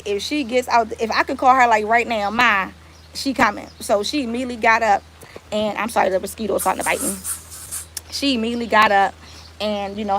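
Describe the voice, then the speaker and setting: A woman, telling a story on a live stream in casual, animated talk and swearing freely. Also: fairly high pitch, a little hiss or hum. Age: 30s. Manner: animated, swears freely, talks straight to viewers. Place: outdoors.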